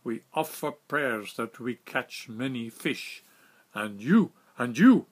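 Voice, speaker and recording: A man voicing a stern ship's captain who speaks in clipped, broken English, loud and emphatic. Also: medium pitch, lively intonation, slow, breathy edge. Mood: reproachful.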